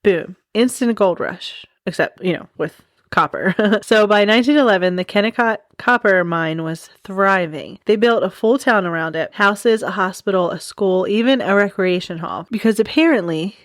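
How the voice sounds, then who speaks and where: A woman's voice: medium pitch, moderate pace, no echo, clean studio sound. A woman in her forties hosting a podcast, telling stories in a chatty way, with wry asides and frequent giggles. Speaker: podcast host. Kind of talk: casual storytelling podcast.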